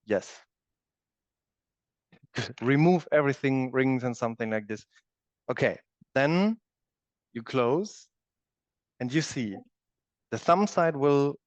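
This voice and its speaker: Speaking slowly with long pauses, a man with a medium-pitched voice leads a live yoga class and demonstrates as he explains, checking in with "okay?" often. His first language is German, and he's recorded in a dull, dry studio with no room sound.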